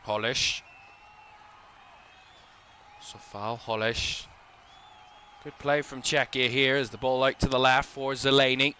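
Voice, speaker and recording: A man giving relaxed live play-by-play commentary on a football match for a watchalong stream, chatty and a little drowsy, yawning now and then and correcting himself as he goes. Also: medium pitch, slow, long pauses, a little hiss or hum. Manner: relaxed, chatty, thinking aloud with small self-corrections.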